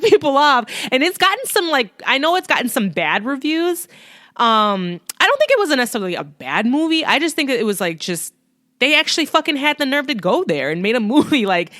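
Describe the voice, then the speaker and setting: Profane, animated woman podcast host. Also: a little high, dry recording, clean studio sound. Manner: profane, animated storytelling with frequent laughter. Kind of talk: casual chat.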